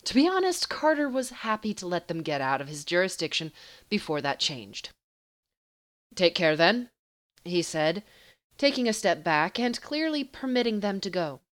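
A woman reading fan fiction aloud as an audiobook narrator with steady, even storytelling. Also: medium pitch, normal speed.

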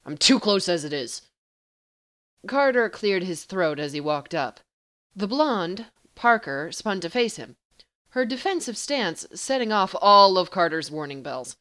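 A woman reading fan fiction aloud as an audiobook narrator with steady, even storytelling. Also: medium pitch, measured pace.

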